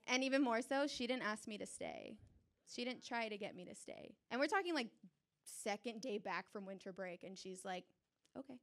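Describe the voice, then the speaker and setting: A young adult woman telling a personal story on stage before a live audience, animated and chatty, often laughing. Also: mid-range voice, moderate pace.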